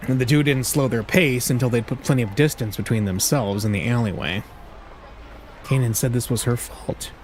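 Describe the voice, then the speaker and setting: A man's voice: mid-range voice, normal speed, a little hiss or hum. A man hosting a let's play, reading a visual novel aloud with casual, jokey asides.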